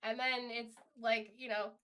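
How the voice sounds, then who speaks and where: A woman streamer talking through her feelings in a halting, candid monologue, often restarting and swearing freely. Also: on the high side, little pitch movement, sharp tone, clean tone.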